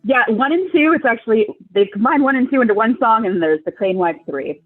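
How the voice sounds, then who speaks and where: A woman's voice: on the high side, expressive, fairly quick, faint music behind. A young adult woman from Long Beach, California, a guest on a podcast, chatting casually and rambling with lots of "like" and "um". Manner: rambling, hesitant, full of "like" and "um". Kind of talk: casual chat. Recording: phone-like remote call line.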